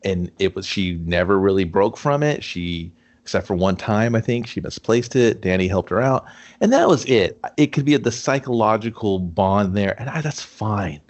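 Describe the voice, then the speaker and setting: A man with a fairly low voice co-hosts a casual movie review chat. He talks in a wry, joking way and mockingly quotes the characters. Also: expressive, moderate pace. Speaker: podcast co-host.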